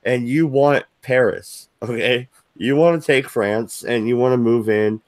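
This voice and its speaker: A man's voice: medium pitch, a little slow, darkish tone, no echo. Man, casual stream chat, swearing and joking, dry close sound. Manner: profane, joking banter. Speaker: stream co-host.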